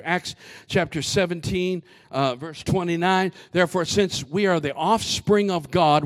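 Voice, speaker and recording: In a high voice, a pastor delivers a sermon, shifting from shouting to quiet asides. His speech is full of repetitions and restarts.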